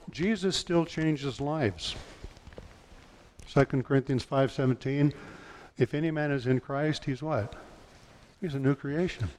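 A man preaching a sermon, retelling scripture with lively storytelling and dropping low and quiet for quoted lines. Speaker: pastor.

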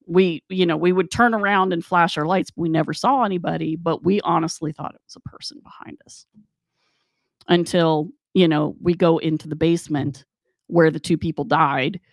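A woman casually telling a spooky personal anecdote, animated and acting out the dialogue. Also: deep voice, moderate pace, dry recording, studio quality. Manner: animated, acts out dialogue in quotes. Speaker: storyteller.

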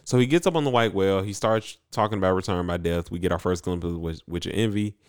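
A man with a very low voice talks through a story recap in loose, rambling sentences, stacking likes and ums as he goes. The sound is dry and close, with no room around it. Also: fast, smooth, dry recording. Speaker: podcast co-host. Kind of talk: casual anime recap chat.

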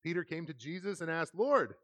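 A pastor gives a sermon with a gravelly, creaky edge to his voice at a middle pitch. He tells stories in a self-deprecating way and reads scripture with earnest weight. The sound is close and dry, with little room echo. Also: lively intonation, moderate pace, a bit bright. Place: church sanctuary.

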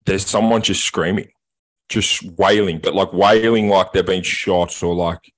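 A man, co-hosting a podcast and telling a long story in casual chat, sweary and animated. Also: low voice, a little slow. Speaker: podcast co-host.

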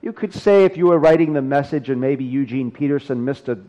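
A man's voice: mid-range voice, fairly quick, mellow. A male pastor preaching a sermon, talking casually and joking between his scripture readings.

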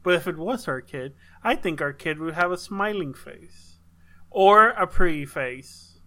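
A woman's voice: lowish voice, animated, a little slow, fairly bright tone. A woman in casual chat, joking and playful, with frequent swearing.

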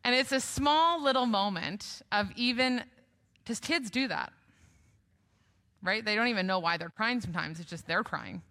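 Young female preacher, bright and forceful, conversational sermon delivery with light humor, reverberant church hall. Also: medium pitch, lively intonation, moderate pace. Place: church sanctuary.

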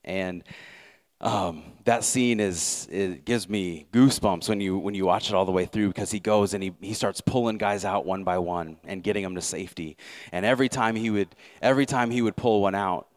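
Low-voiced earnest male pastor. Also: normal speed. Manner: earnest, repeats words as he builds a point. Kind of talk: sermon.

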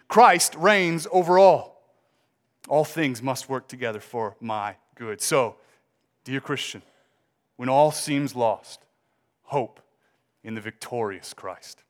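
A man preaching a sermon, reading scripture and rising emphatically on key words before slowing down to let them land. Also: a little high, lively intonation. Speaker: pastor.

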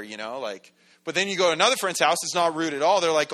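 A man's voice: fairly high pitch, sing-song, quick pace, sharp tone. A middle-aged man preaching a casual, conversational sermon as a pastor, full of asides and rhetorical questions.

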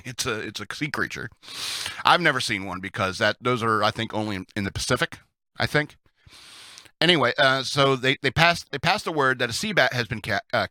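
A man's voice: mid-range voice, bright, forceful tone, no room sound, studio quality. A man hosting a casual storytelling session of Navy tales, who chuckles often and adds chatty asides. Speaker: host reading Navy stories.

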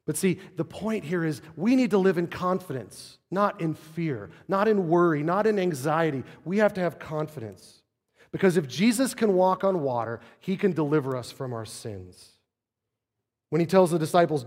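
A man preaching a sermon as pastor, talking conversationally with rhetorical questions and swinging between loud and soft. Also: fairly high pitch, expressive, normal speed. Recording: long hall reverb.

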